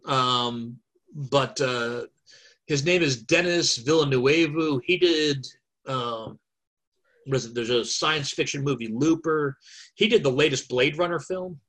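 A man talks at length on a podcast over a video call, chatty and thinking aloud. He pauses on fillers as he goes. His voice sits at an ordinary middle pitch. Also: a bit bright. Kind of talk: casual chat.

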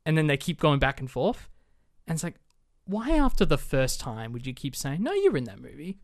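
A man co-hosting a film review podcast in casual chat, animated and quick to laugh. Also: on the high side. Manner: animated, laughs often, quotes scenes in voices. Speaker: podcast co-host.

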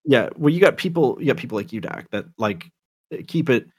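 A man hosting a podcast in casual chat, animated and swearing, with lots of fillers. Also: medium pitch, a little fast, slightly rough. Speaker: podcast host.

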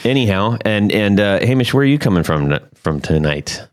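A man's voice: lowish voice, lively intonation, normal speed. A man hosting a casual guitar podcast, chatty and joking, with lots of fillers. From United States. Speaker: podcast host.

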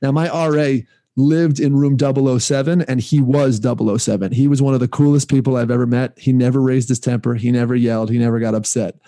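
A man's voice: medium pitch, fairly even intonation, quick pace, hardly any pauses, dark tone. A man co-hosting a casual podcast, telling rambling, self-reflective stories. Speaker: podcast co-host. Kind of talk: casual chat.

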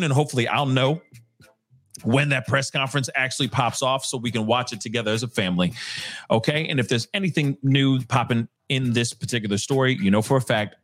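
A chatty man hosts a live commentary stream, speaking directly to his viewers at a middling pitch. He talks loosely and keeps laughing at his own jokes, with faint music underneath. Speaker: live show host. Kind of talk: casual live news commentary.

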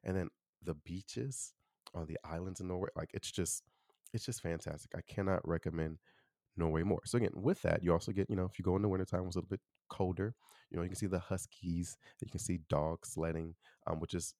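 A young man from Chicago hosts a casual solo podcast in a deep, low voice. He talks quickly and loosely, filling his sentences with easygoing asides. The recording is close and dry, with no room echo. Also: steady tone, dark tone. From Chicago, USA. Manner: chatty, loose, full of "you know" and "like". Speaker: podcast host.

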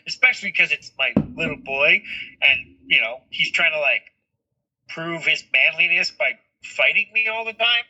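A man's voice: on the high side, animated, moderate pace, background noise. A man co-hosting a casual podcast, a father who rambles through stories with lots of filler words. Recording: muffled lo-fi sound.

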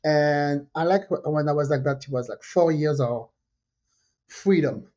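A woman with a French accent, a native French speaker, telling animated stories in a casual podcast chat and acting out the voices of the people in them. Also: deep voice, measured pace, dull audio. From France. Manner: animated, acts out quoted voices, repeats herself. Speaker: podcast co-host. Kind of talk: casual conversational storytelling.

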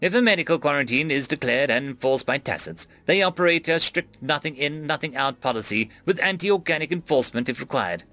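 A man's voice: a little high, a little fast, few pauses, soft background music, pitched above the performer's own voice. A man voicing a precise, formal AI core. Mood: measured. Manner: flat, precise, formal phrasing. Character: formal male AI ship core, precise and calm.

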